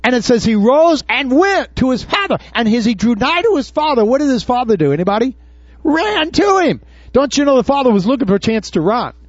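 A man preaching to his congregation in a high voice, tossing out questions and acting out Bible scenes. The sound is dry and a little dull. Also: lively intonation, quick pace, few pauses, dry recording. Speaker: pastor. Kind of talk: sermon. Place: church before a congregation.

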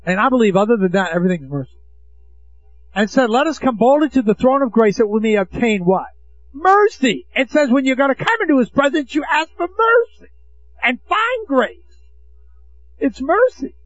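Male preacher, high voice, emphatic sermon delivery with call-outs to the room; dull lo-fi sound. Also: sing-song, a little fast. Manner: emphatic, asks the congregation rhetorical questions. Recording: dull lo-fi recording.

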